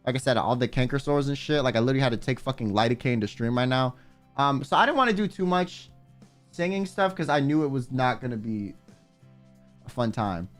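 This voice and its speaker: A young man chatting casually on a livestream, telling a story with lots of swearing and sudden high yelps. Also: expressive, brisk, faint music behind. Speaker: streamer. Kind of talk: casual stream chat.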